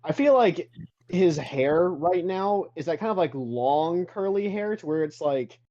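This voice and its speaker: A man's voice: on the high side, animated, unhurried, mellow, no echo, lo-fi sound. A man playing a tabletop role-playing game, chatting casually and rambling with lots of "like.". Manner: rambling, full of "like" and restarts. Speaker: player.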